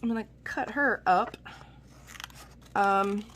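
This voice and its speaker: Bright-voiced woman chatting while crafting. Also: medium pitch, slow, slight background noise. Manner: rambling, chatty, self-deprecating. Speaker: craft channel host. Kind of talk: casual chat while journaling.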